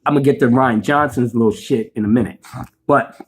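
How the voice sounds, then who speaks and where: A man doing a profane, animated film review rant, cursing freely and acting out the scenes he describes. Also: medium pitch, brisk, husky. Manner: animated, swears a lot, acts out scenes. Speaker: movie reviewer.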